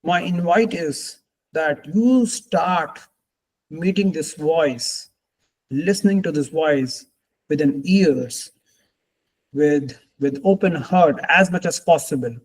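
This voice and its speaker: A man speaks at a somewhat raised pitch on a group coaching call. He is reflective and earnest, and he circles back on phrases to stress them. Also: darkish tone, slightly rough, poor audio. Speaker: life coach.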